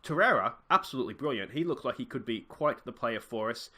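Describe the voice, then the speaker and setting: A man's voice: mid-range voice, a little fast. A young man hosting a casual let's play, chatting through a football management game and cheering at the action. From Australia. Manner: chatty, excitable, cheers at goals. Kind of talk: casual gameplay commentary.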